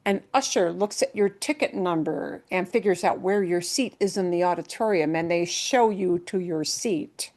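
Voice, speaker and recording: A woman's voice: fairly low pitch, normal speed, hardly any pauses, a little mellow. A woman Spanish teacher explaining grammar to her class patiently, step by step, with everyday examples.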